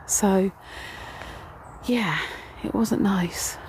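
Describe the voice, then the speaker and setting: A woman chats her way through a graveyard in a casual vlog, rambling and filling pauses as she tells a ghost story. She talks outdoors into a handheld phone. Faint outdoor noise sits behind her voice. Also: mid-range voice, darkish tone. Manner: chatty, rambling storytelling with fillers. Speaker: paranormal vlogger.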